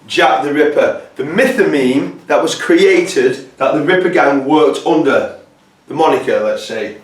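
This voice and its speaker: Man presenter, casual rambling talk to camera, many fillers, slightly high voice, echoey room, distant mic. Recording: roomy echo, distant mic.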